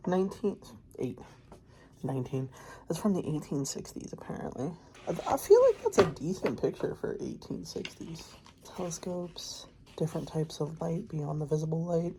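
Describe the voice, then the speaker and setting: A woman's voice: sits low, very animated, moderate pace, background noise. A woman streaming from home, chatting in a loose, rambling way, swearing often and trailing off mid-thought. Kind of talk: casual rambling chat.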